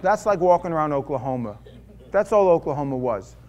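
A middle-aged man, a preacher, telling a personal story to an audience in an animated, self-deprecating way, swinging between loud outbursts and quiet confession and acting out his own thoughts. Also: a little high, brisk, lo-fi sound.

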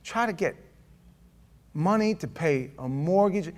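Guy preaching, fairly high voice, gets loud then drops quiet, stumbles and restarts a lot. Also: takes it slowly, pauses often. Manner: animated, swings from loud to quiet; conversational asides, stammers and restarts. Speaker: pastor. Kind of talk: sermon.

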